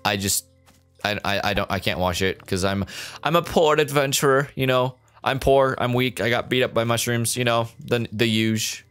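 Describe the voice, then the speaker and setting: A man's voice: mid-range voice, normal speed, fairly bright tone, clean tone, faint music behind. Joking man narrating his gameplay. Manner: jokey, talks to game characters. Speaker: let's play gamer. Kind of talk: casual gameplay commentary.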